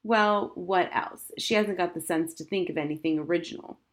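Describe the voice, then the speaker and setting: Stubborn young girl, emphatic and scornful, read by a woman narrator; fairly low voice. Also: normal speed, close to an everyday voice. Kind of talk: audiobook character voice.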